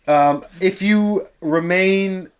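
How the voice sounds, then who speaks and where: A man's voice: high-pitched, very slow, clean tone. A man from Canada playing a board game with friends, laughing easily and explaining the rules. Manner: giggly, easygoing, explains the rules. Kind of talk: casual chat and reading card text.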